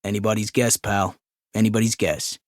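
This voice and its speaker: A man's voice: fairly low pitch, level tone, a little fast, no echo, clean studio sound, close to an everyday voice. A man doing a curt office worker. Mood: offhand. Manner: curt, dismissive. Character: offhand American male office worker.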